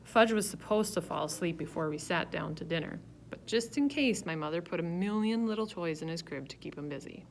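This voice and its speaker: A woman reading a children's story aloud in a low-pitched voice. She tells it in a lively first person with animated swings of pitch. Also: fairly quick, hardly any pauses, slight background noise. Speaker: reader. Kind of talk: storybook narration.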